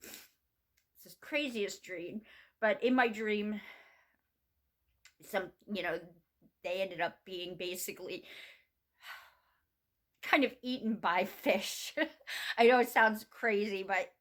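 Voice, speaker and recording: A woman's voice: mid-range voice, a bit bright. Middle-aged woman telling a rambling story. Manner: rambling, halting, with frequent restarts and fillers. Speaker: vlogger. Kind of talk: casual personal storytelling.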